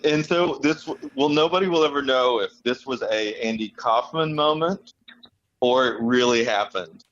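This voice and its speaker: A man's voice: medium pitch, moderate pace, a bit bright, muffled recording, a little hiss or hum. A man co-hosting a podcast in casual chat, rambling with restarts and fillers. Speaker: podcast co-host.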